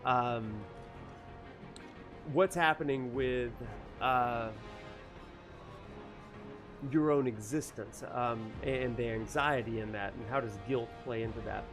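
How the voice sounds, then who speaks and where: A man's voice: medium pitch, slow, pauses often, over music. A man, a university professor, lecturing casually while playing a video game, rambling with many fillers and joking about technical trouble. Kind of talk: casual lecture over gameplay.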